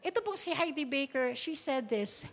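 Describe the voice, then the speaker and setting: A woman's voice: high-pitched, expressive, moderate pace. A woman pastor with a Filipino accent preaching a sermon, moving between Tagalog and English, laughing often and drawing out quoted lines.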